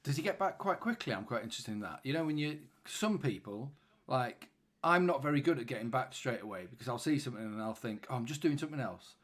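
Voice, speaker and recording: A man's voice: medium pitch, animated, fast talker. A man co-hosting a podcast in casual chat, talking in a flustered, self-deprecating, chatty way. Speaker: podcast co-host.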